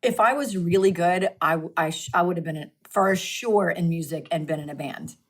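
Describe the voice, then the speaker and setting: A woman's voice: on the low side, normal speed. A woman in her fifties, chatting as a podcast guest in a casual, self-deprecating way and laughing easily. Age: 50s. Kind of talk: casual interview chat.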